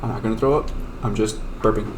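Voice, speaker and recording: A woman's voice: extremely low pitch, steady tone, quick pace. A young woman vlogger chatting casually and teasing her sister, sounding playful and full. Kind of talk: casual chat. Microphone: desktop USB mic. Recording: noisy laptop recording.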